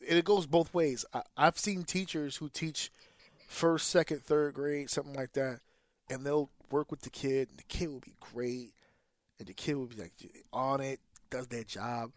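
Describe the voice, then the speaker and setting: A man's voice: medium pitch, fairly even intonation, normal speed, no room sound. Blunt, profane man, dry close sound. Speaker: teacher and podcast co-host. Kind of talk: casual profane podcast chat.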